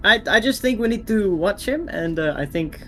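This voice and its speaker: A man's voice: high voice, expressive, normal speed, bright, forceful tone, soft background music, pitched above the performer's own voice. Man putting on a mock-Scottish odd woman. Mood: conspiratorial. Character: odd scavenging female companion, blunt and creepy.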